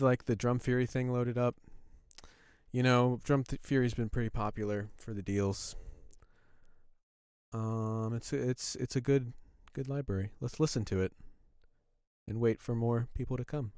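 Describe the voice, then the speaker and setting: A man's voice: mid-range voice, fairly even intonation, unhurried, long pauses, a little mellow, clean tone, no echo, studio quality. A man hosting a casual live stream, chatting with viewers in a rambling, easygoing way. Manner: chatty, rambling, talks to viewers while browsing. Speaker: livestream host.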